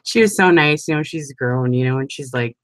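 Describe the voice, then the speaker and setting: A woman in her forties chatting casually with her crafting group at home, talking fast and laughing often. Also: rumbling low, a little hiss or hum. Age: 40s. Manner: chatty and animated, breaks into frequent laughter. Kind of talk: casual chat.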